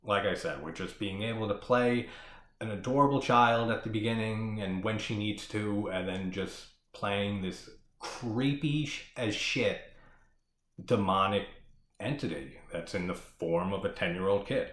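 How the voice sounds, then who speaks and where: A man's voice: fairly low pitch, measured pace, a bit bright, reverberant. A man hosting a casual horror movie discussion, rambling and swearing as he talks through scenes. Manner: profane, rambling, enthusiastic. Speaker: horror movie podcast host.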